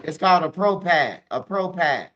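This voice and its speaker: A man's voice: fairly high pitch, expressive, moderate pace, fairly bright tone. Streetwise man with muffled stream sound. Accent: Chicago. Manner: streetwise, profane, lots of "man" and "bro" fillers. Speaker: guest telling his story. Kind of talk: casual storytelling.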